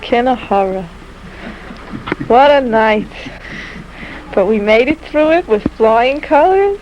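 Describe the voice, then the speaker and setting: A woman's voice: a little high, lively intonation, takes it slowly, highs cut off, a little hiss or hum. A new mother talking casually and tenderly on a family home video.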